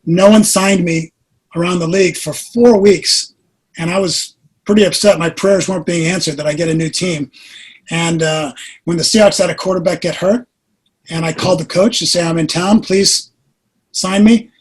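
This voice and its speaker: A man in his sixties, a podcast guest, earnestly telling a personal story with animated delivery. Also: high voice, moderate pace, husky, low-quality recording. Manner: earnest, animated storyteller who acts out quotes.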